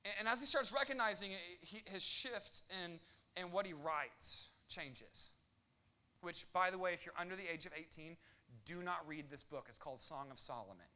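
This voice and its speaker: A young male pastor preaching with a bright, forceful tone and a slightly high voice. He jokes, tosses in quick asides and acts out quotes with lots of energy. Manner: animated, joking, quick asides and acted quotes. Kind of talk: sermon.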